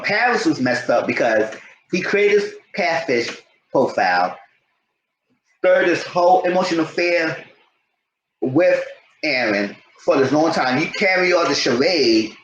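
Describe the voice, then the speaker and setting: Guy rambling thru a tv episode recap, kinda high voice, echoey room. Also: lo-fi sound, a little hiss or hum. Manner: rambling, animated retelling. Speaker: TV show reviewer. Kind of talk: casual recap commentary. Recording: roomy echo.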